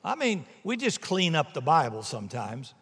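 Give me a man preaching a sermon, swinging from loud to hushed, with a fairly high voice. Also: wildly swooping pitch, moderate pace, breathy edge, big-room sound. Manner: storytelling, shifting from loud to hushed. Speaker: pastor.

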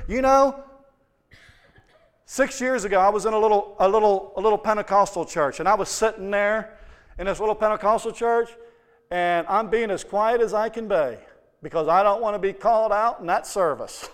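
High-voiced preacher in a reverberant hall. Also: male voice, normal speed, fairly bright tone, clear, resonant tone. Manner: impassioned, conversational storytelling with rising emphasis. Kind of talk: sermon. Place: church sanctuary. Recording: long church hall reverb.

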